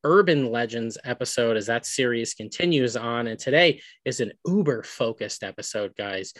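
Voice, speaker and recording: Energetic male podcast host, dry sound. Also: medium pitch, moderate pace, dry recording. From New York. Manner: energetic, laughing, chatty. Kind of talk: casual podcast chat.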